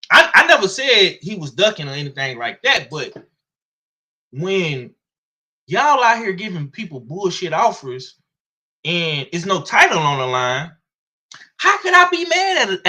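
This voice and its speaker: A man with a Southern US accent giving blunt, slangy, profane boxing commentary in a casual, animated way. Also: sits high, a little slow.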